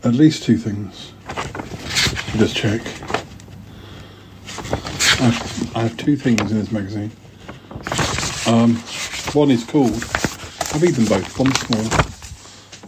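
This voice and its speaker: A man's voice: medium pitch, slow, pauses often, background noise. A middle-aged man hosting a podcast alone, rambling through old keepsakes with self-deprecating asides. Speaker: podcast host. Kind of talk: casual solo chat, reading old writing aloud.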